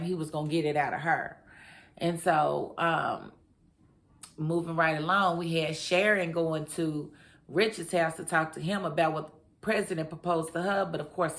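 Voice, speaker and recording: A woman's voice: low-pitched, a bit bright. A woman reviewing a TV drama episode in a chatty, slangy recap, talking straight to her viewers. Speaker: TV review vlogger. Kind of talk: casual recap chat.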